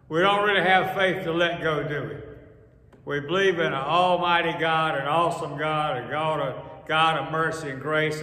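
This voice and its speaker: A man preaching a sermon as pastor, slow and deliberate, repeating key phrases for emphasis. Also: on the high side, bright, forceful tone. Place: church sanctuary. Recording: echoey hall with long reverb.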